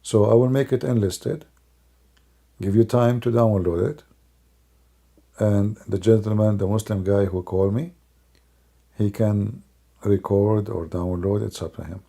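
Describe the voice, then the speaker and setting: A man does live-stream commentary as an online religious commentator, mocking and sarcastic, with non-native English grammar. His voice is fairly low, steady, and dark, a little slow, with vocal fry and long pauses.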